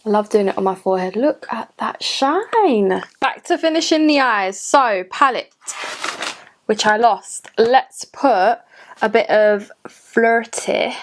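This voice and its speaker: A beauty vlogger in her late twenties chats casually through a makeup tutorial at a cluttered desk in a room at home. Her voice is on the high side with lively intonation and a measured pace, and she gushes and talks to herself as she works.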